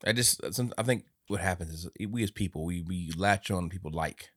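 Animated, fast-talking man telling stories. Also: deep voice, no echo, studio quality. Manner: animated storyteller, acts out quotes, laughs often. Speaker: podcast co-host. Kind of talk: casual chat.

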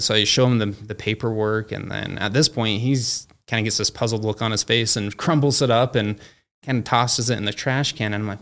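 A man's voice: on the low side, steady tone, fairly quick, a bit bright. A man who founded a company, speaking as a guest and telling a story casually, with plenty of fillers like "like" and "you know". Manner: acts out quoted dialogue in his stories.

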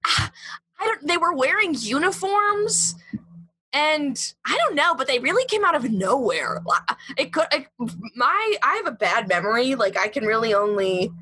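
A woman spins a story for a podcast in a bright, somewhat high, breathy voice. Her telling is casual and chatty, peppered with fillers, and it becomes animated as she relives the moment. The sound is dry and close. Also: a little slow, no echo. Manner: chatty, heavy with "like" and "um"; animated retelling. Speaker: podcast guest.

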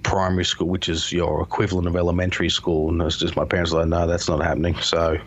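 A man's voice: deep voice, little pitch movement, quick pace, a little hiss or hum. A man in casual chat, a rambling, profane storyteller who laughs often. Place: home.

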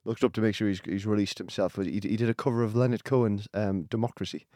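A man's voice: fairly low pitch, steady tone, fast, dark tone, no room sound, clean studio sound. A man, a podcast guest chatting casually, rambling with many fillers and restarts. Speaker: podcast guest, singer-songwriter. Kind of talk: casual chat.

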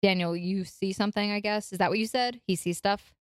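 A woman's voice: mid-range voice, brisk, clear, resonant tone, no echo, clean studio sound. A woman playing a tabletop game, casual and playful. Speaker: player.

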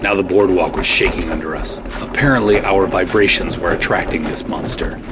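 A man giving a first-person scripted narration of an audio drama, steady and dry, with terse asides. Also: sits low, moderate pace, hardly any pauses. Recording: noisy recording.

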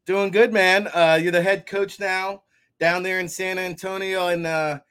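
Brief: upbeat host with a Jersey accent, slightly higher voice, talks football in a loose chatty way, man. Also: level tone, unhurried, a bit bright, clean tone. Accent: New Jersey. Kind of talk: casual sports interview.

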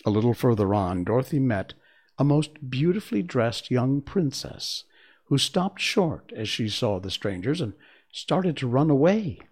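A man reading a fairy tale aloud in an expressive storytelling manner. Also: medium pitch, unhurried, slightly rough. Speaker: narrator.

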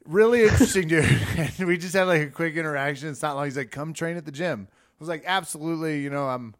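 A man trading stories on a casual podcast, his voice sitting a little high. He acts out quoted lines and laughs often as he talks. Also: fast talker. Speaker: podcast co-host. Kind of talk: casual chat.

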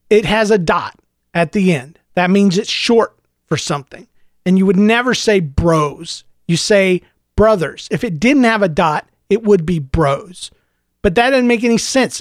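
A middle-aged man hosting a solo podcast, mock-ranting tongue in cheek in a low-key, unhurried way. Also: expressive, no room sound, studio quality. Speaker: podcast host.

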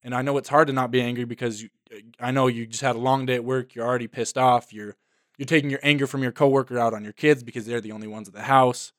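A man's voice: medium pitch, fairly even intonation, fast talker, fairly bright tone, no room sound. Male podcast co-host, thoughtful and reflective, recorded with a dry, close sound. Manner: reflective, speaks from his own view. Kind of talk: casual advice chat.

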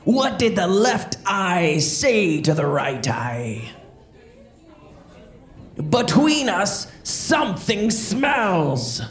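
A woman's voice: medium pitch, big pitch swings, very slow, pitched below the performer's own voice. A woman voicing a jolly male pirate comedian with growly pirate talk for a children's stand-up podcast. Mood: joking. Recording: roomy echo.

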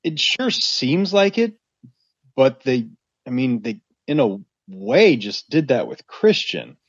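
A man's voice: medium pitch, sing-song, slow pace, slightly rough, no room sound, muffled recording. A man co-hosting a wrestling podcast, talking casually with many hesitant restarts. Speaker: podcast co-host.

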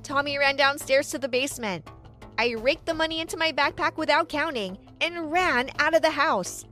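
A woman's voice: sits high, moderate pace, bright, forceful tone, soft background music. A woman narrating a dramatic first-person story, voicing the quotes lightly.

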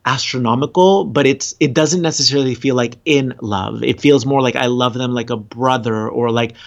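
As a guest on a casual podcast, a man talks earnestly about relationships and spirituality, rambling and laughing often. His mid-range voice has vocal fry and a moderate pace, and the recording sounds dull and lo-fi.

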